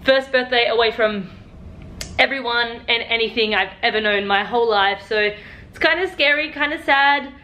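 A woman's voice: a little high, moderate pace, bright, forceful tone. A woman in her twenties with an Australian accent, chatting to camera in a bubbly, playful vlog. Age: 20s. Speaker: vlogger. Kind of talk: casual vlog chat to camera.

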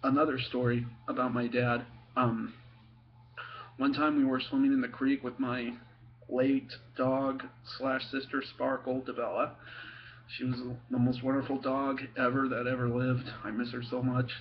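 A young man telling stories about his father, laughing often and pausing with many ums and restarts. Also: mid-range voice, little pitch movement, muffled recording, slight background noise. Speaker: son telling family stories. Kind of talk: casual storytelling to camera.

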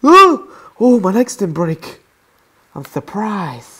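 A man giving excitable gaming commentary, swearing freely and breaking into yelps and screams. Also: fairly high pitch, moderate pace. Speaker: let's play gamer.

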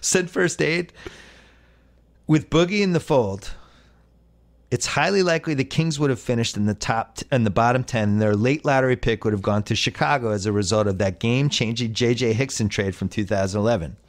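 A man's voice: medium pitch, brisk. A man hosting a casual sports podcast, reading listener mail with wry storytelling. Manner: wry, storytelling, puts on voices when quoting people. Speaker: podcast host.

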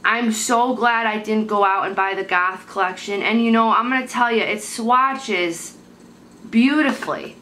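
A woman's voice: medium pitch, moderate pace, sharp tone. Young woman, beauty vlog chat, rambling, blunt, home camera mic, background hiss. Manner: chatty and rambling, blunt and swears when annoyed. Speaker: beauty vlogger. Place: at home, indoors. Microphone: handheld camera mic. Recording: noisy home camera recording.

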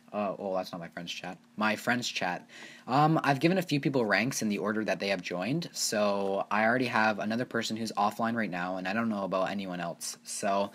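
A man hosting his own gaming channel, giving casual, rambling gameplay commentary and getting excited over small wins. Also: fairly low pitch. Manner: rambling, easily excited, talks to viewers as "you guys".

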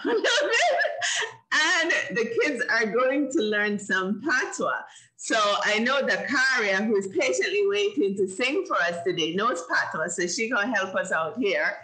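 A woman's voice: mid-range voice, pushed and bright, rough recording. A woman from Jamaica, playfully hosting an online kids' event over a video call, encouraging and often laughing. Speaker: host.

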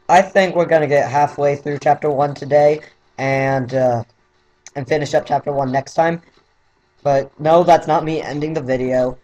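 A young man talks through his gameplay in a loose, rambling way, often backing up to fix what he just said. His voice has a husky, slightly breathy edge. He sits at a home gaming mic, speaking casually. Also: medium pitch, darkish tone, poor audio. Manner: rambling, self-correcting, reads game dialogue aloud in put-on voices. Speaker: let's play gamer.

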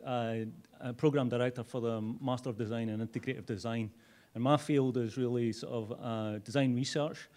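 Scottish man giving a halting talk. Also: mid-range voice, darkish tone. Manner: frequent "uh" fillers, halting. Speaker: guest speaker, design professor. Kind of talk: conference talk.

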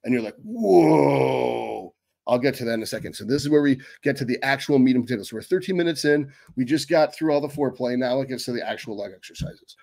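A middle-aged man giving an unscripted fitness lecture as a bodybuilding coach, blunt and profane, talking quickly. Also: medium pitch, a little mellow.

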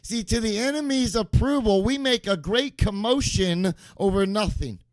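A man's voice: high voice, no room sound. A man preaching a sermon as pastor, emphatic and repeating key phrases for stress.

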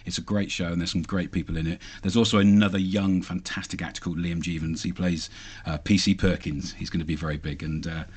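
A man who is an actor and voice actor, chatting quickly and easily in an interview and laughing often. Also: low-pitched, flat delivery, breathy edge. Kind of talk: casual interview chat.

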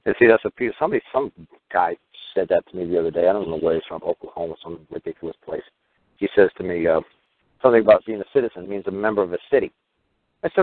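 A man hosting a call-in radio show, talking rapidly and mockingly and acting out the people he quotes. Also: sits low, no room sound. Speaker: host. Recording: tinny phone-like radio audio.

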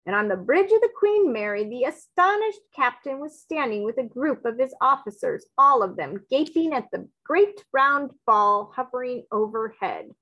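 A woman reading a storybook aloud, giving the dialogue expressive voices. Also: high voice, normal speed, hardly any pauses, dull audio.

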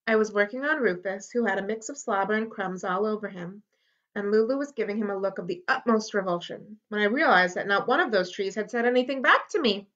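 A woman reading a children's novel aloud for a library, lively storytelling with character voices, on a dull lo-fi recording. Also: medium pitch, brisk. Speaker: library read-aloud host.

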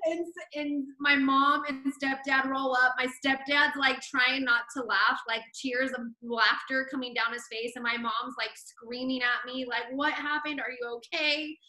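A woman podcast host telling a story from her life in casual chat, animated and laughing often, acting out what people said. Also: sits high, unhurried, hardly any pauses. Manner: animated, laughs often, acts out quoted lines. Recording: roomy echo.

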